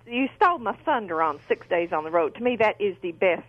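A woman's voice: mid-range voice, expressive, a little fast, no room sound, lo-fi sound. Chatty giggly woman caller. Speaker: radio caller. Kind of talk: casual phone-in chat.

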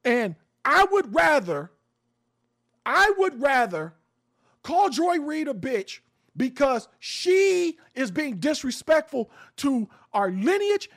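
A man's voice: extremely high pitch, gravelly. A man hosting an opinionated talk show, speaking bluntly and emphatically with frequent swearing, often restarting and repeating words as he builds his point.

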